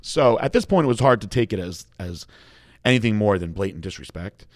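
Blunt, low-voiced male storyteller. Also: a little fast, no room sound, studio quality. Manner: animated storyteller, acts out quoted dialogue; blunt, frank. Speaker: guest telling a story. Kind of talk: casual podcast conversation.

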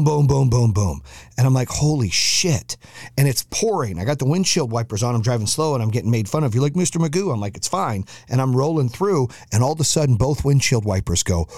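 Brief: male host, mid voice, animated and profane storyteller, dry room. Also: medium pitch, no echo. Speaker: podcast host. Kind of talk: storytelling monologue.

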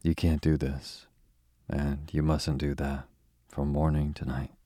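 A man's voice: rumbling low, level tone, unhurried, dark tone, no room sound, studio quality. A man voicing a sulky, rebellious young boy in a bedtime storybook reading, grumbling under his breath.

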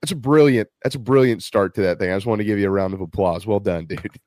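A man's voice: lowish voice, quick pace, a little mellow, no echo. An upbeat male sports-show host teases his guests and keeps the talk moving. His voice is dry and close, with no room sound around it. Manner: upbeat, ribbing, steers the talk. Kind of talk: casual sports chat.

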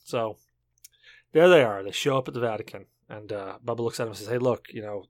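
A man's voice: on the low side, brisk, no echo, studio quality. Tipsy man rambling on a podcast. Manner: rambling, self-interrupting, tipsy storytelling. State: drunk. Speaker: podcast co-host. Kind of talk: casual chat, telling a joke.

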